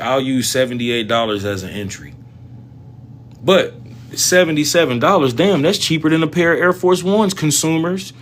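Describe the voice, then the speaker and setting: Animated slangy man hosting a trading livestream. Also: medium pitch, a little hiss or hum. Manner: animated, slangy, talks straight to viewers. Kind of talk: casual livestream chat about stock trading.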